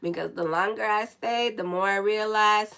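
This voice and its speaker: A woman's voice: medium pitch, moderate pace, fairly bright tone, clear, resonant tone, poor audio. A woman astrologer giving a casual horoscope reading while sick, chatty and swearing in asides. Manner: chatty, swears and laughs at her own asides. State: sick, dry lips.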